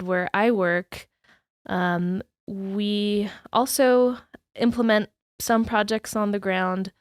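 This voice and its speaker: Steady explaining woman guest. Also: medium pitch, no echo, clean studio sound. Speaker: trails planning team leader. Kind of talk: podcast guest explaining her work.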